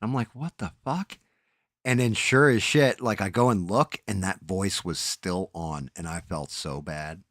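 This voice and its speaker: A man's voice: sits low, normal speed, few pauses, a bit bright, dry recording, clean studio sound. A man hosting a casual live stream, rambling and swearing casually as he tells a story against himself.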